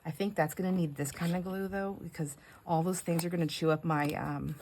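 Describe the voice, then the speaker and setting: A woman's voice: fairly low pitch, fairly even intonation, fairly quick, darkish tone, a little hiss or hum. A middle-aged woman hosting a craft video at home, chatting in a rambling way while she works, laughing often and sometimes dropping to a whisper. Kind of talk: casual chat while crafting.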